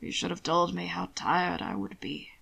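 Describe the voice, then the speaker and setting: A woman reading as a weary, gravelly old duke. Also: lowish voice, animated, fairly bright tone, voice pushed down, full character voice. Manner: tired, slow and sighing. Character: weary, aged male duke, wistful and tired.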